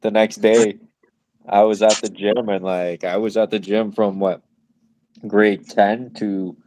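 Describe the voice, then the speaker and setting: Mellow low-voiced guy, laughing and slangy. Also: little pitch movement, takes it slowly, a little hiss or hum. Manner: laughs often, loose slangy storytelling. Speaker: podcast co-host. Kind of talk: casual chat.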